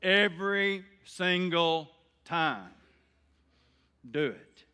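A middle-aged male pastor preaching an evening sermon in a folksy way, swinging between loud emphatic bursts and quiet earnest talk. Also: sits high, expressive, very slow, clean tone.

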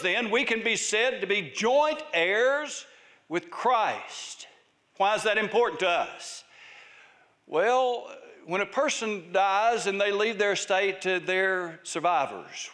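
High-voiced man preaching a sermon. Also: a bit bright. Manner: emphatic preaching with repeated phrases and scripture reading. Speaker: pastor.

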